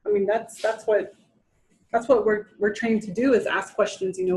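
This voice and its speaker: A woman's voice: mid-range voice, steady tone, normal speed, darkish tone, low-quality recording. A woman in her thirties giving an informal training lecture, talking conversationally, restarting sentences and acting out quotes. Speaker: presenter at a training session.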